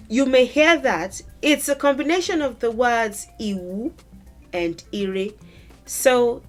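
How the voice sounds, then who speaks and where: Slow-speaking woman teaching vocabulary. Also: fairly high pitch, animated, faint music behind. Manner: thoughtful, conversational, pauses to rephrase and model pronunciations. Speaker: language teacher. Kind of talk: explaining word meanings to camera.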